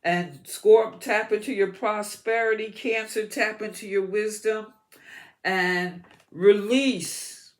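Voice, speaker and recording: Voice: mid-range voice, steady tone, a little slow, few pauses. A tarot reader giving an astrology reading to the viewer, encouraging and repeating words as the cards come up.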